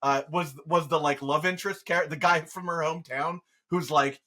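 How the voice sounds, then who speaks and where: Bright high-voiced man joking on a podcast. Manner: animated, joking, quick restarts. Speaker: podcast co-host. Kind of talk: casual chat.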